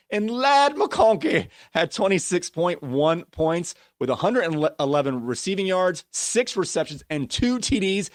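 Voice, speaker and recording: A man's voice: on the high side, dry recording, clean studio sound. A man hosting a casual fantasy football podcast, ranting and laughing at himself as he runs through player stats. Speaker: podcast host.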